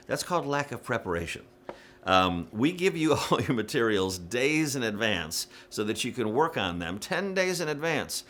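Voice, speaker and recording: A worship music director gives frank, casual coaching to church singers, full of fillers and small demonstrations. His medium-pitched voice is sing-song and a bit bright, at a moderate pace, with a little hiss or hum in the recording.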